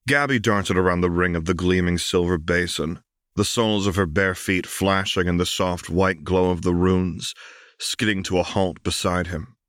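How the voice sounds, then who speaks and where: A man narrating an audiobook in a calm, measured way. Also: low-pitched, no room sound, clean studio sound.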